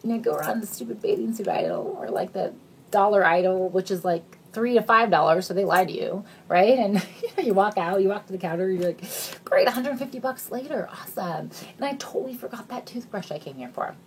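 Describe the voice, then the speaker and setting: A woman in her thirties giving an emotional recruitment pitch, earnest and gushing, near tears at times, swinging between excited highs and hushed near-whispers. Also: brisk, a little hiss or hum. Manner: earnest and gushing, says "you guys" a lot, voice rising and dropping to near whispers. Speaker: sales recruiter.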